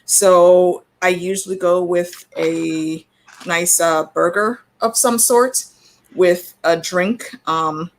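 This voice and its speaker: A woman's voice: on the low side, fairly even intonation, slow pace. An American woman guest on a livestream, talking in an easygoing way with hesitations. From United States. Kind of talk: casual livestream chat.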